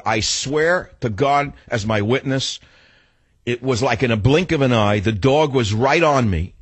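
Husky ranting New man. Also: medium pitch, dry recording. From New York. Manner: blunt, ranting, digressive. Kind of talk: opinionated storytelling monologue.

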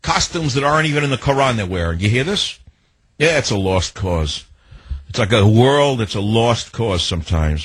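A man's voice: on the low side, breathy edge, no room sound. A man hosting a talk radio show, delivering a ranting, sarcastic monologue.

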